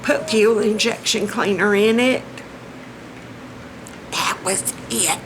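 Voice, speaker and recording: A woman's voice: mid-range voice, takes it slowly, background noise. A woman with a Southern US accent chatting to camera in a folksy, exclaiming way as a vlogger. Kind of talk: casual chat to camera.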